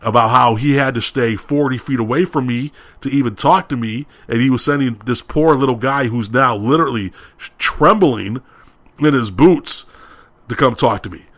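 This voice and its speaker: A man's voice: mid-range voice, moderate pace. Young male podcast co-host, casual storyteller, heated and ranting. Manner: heated, ranting retelling with quoted shouting.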